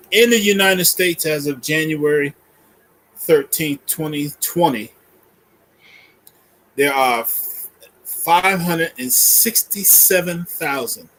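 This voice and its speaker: A man's voice: fairly high pitch, a bit bright, slightly rough, poor audio. A man from Boston, speaking earnestly in a casual interview, laughing easily and working through statistics.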